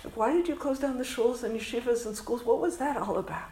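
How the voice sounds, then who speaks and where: A woman's voice: a little high, quick pace, mellow, echoey room, poor audio. Earnest Canadian woman telling a story. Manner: earnest, emotional, peppered with Hebrew and Yiddish words. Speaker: school principal and summer camp director. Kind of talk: heartfelt storytelling talk to an audience.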